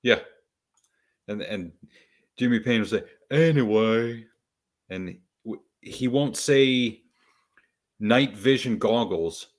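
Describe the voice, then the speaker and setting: A man's voice: on the low side, slow, pauses often. A Canadian man co-hosting a podcast, telling stories in a wry, matter-of-fact way. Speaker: podcast co-host. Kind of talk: casual chat.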